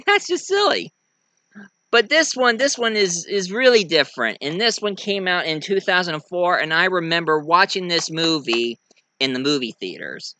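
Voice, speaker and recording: A young man rambles through a casual movie review, flaring up excitedly now and then. His pitch swings widely, and his tone is very bright. The sound is close and dry. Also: moderate pace, no echo.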